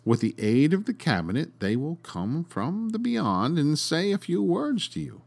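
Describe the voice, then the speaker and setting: A man voicing a grandiloquent male stage magician in a told story, slow, theatrical and grand. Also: fairly high pitch, sing-song, vocal fry, a little mellow, voice pushed up, exaggerated voice. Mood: grandiose.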